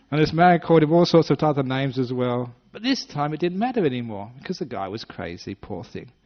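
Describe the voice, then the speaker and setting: A man's voice: mid-range voice, very animated, normal speed. An English man in his sixties, a Buddhist monk telling a story with humor during a dharma talk, putting on little voices for the characters. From British-born, based in Western Australia. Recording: dull lo-fi talk recording.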